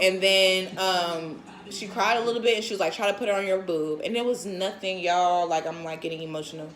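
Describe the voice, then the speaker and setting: A woman in her twenties casually telling viewers a story, frank and animated, often laughing and acting out what other people said. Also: mid-range voice. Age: 20s. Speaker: vlogger and new mother.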